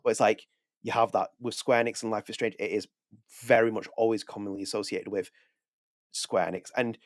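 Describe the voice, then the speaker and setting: A man co-hosting a gaming podcast, talking fast and eagerly, tumbling over his words and restarting sentences. His voice sits a bit low. The sound is dry and close, with no room echo. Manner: rapid, animated, rambling with restarts. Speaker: podcast co-host. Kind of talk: casual chat.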